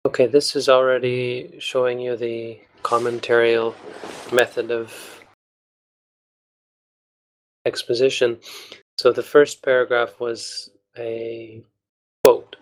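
A man, a Buddhist monk, patiently explaining a text to a study group in a measured way with small restarts. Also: medium pitch, level tone, rough recording.

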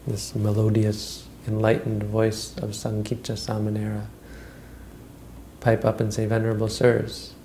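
A man's voice: on the low side, completely flat delivery, unhurried, dark tone, a little hiss or hum, poor audio. A man retelling a Buddhist story as a teacher, in a conversational way with frequent restarts.

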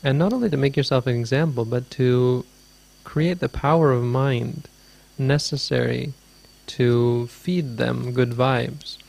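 Gravelly-voiced man giving a dharma talk. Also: mid-range voice, steady tone, measured pace, darkish tone. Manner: meandering, thoughtful storytelling. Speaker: Buddhist teacher. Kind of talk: dharma talk answering a question.

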